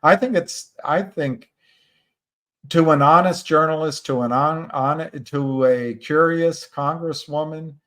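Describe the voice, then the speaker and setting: A man hosting a casual livestream, talking slowly and haltingly with many restarts as he reads viewer chat. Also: on the high side, fairly bright tone. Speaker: livestream host.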